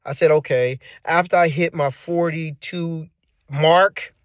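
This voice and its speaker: A man's voice: a little high, takes it slowly, dry recording, clean studio sound. A man in his forties telling a personal money story in a casual, conversational way, acting out his own and others' words. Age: 40s. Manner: animated, acts out quoted dialogue; conversational with slangy phrasing. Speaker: finance channel host.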